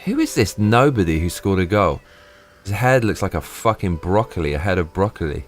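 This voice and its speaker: A man live streaming, ranting and swearing in excited bursts. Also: low-pitched, brisk, soft background music. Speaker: livestreamer.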